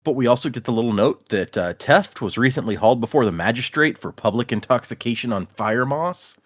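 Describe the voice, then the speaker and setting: Animated man recapping a book. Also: mid-range voice, brisk. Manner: animated, acts out characters' lines. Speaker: podcast co-host. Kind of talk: casual book-discussion chat.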